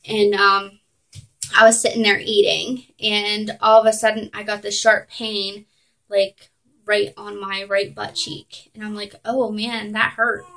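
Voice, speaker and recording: A young woman vlogging at home, telling a personal story in a chatty way, full of "like" and "um" and quick laughs. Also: mid-range voice, level tone, vocal fry, a bit bright, low-quality recording. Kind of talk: casual storytelling to camera.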